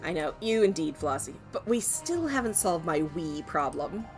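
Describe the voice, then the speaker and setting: A woman voicing a fancy, hoity male makeup artist in a video game, drawling slowly. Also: sits low, sing-song, darkish tone, faint music behind. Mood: fussy. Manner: drawling, posh and slow.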